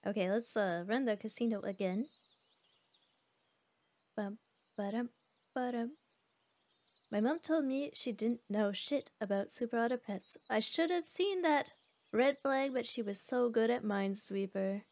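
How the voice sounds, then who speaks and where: A young woman streaming a game, chatting casually with her chat and reacting loudly to each round. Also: on the high side, moderate pace, dry recording. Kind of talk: casual gameplay commentary. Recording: faint background music.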